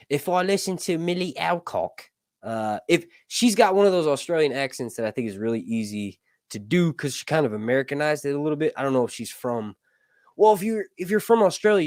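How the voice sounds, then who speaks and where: A man's voice: fairly high pitch, a little mellow, no echo, clean studio sound. A man hosting a casual livestream chat, rambling and joking, often cutting himself off mid-sentence and swearing offhandedly. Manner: rambling, self-interrupting, joking. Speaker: YouTube channel host.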